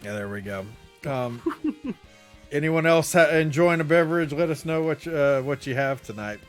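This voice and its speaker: Man, co-host, casual podcast chat, animated and laughing, higher-pitched, light music under. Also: moderate pace. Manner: animated, laughing, mock announcer bits.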